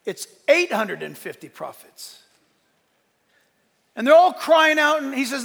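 Gravelly high-voiced joking preacher. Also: male voice, moderate pace, pauses often. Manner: animated, joking with the congregation. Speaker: pastor. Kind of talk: sermon with humor. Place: church hall with live congregation. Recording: long hall reverb.

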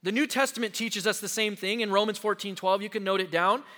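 A man pastor preaching a sermon to his congregation, emphatic and slowing down to stress key words, recorded in a church sanctuary. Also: high-pitched, sharp tone. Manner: addresses the congregation directly. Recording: long hall reverb.

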